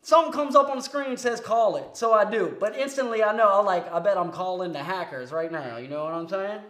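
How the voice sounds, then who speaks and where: A man's voice: high-pitched, fast talker, a bit bright, roomy sound. A man co-hosting a podcast, telling rambling, profane, jokey stories in casual chat. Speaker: podcast co-host.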